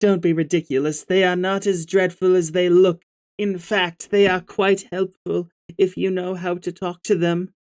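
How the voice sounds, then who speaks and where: A man's voice: high voice, level tone, normal speed, a little mellow, pitched above the performer's own voice. A man putting on a breezy British alien girl. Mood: explaining. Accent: British put-on.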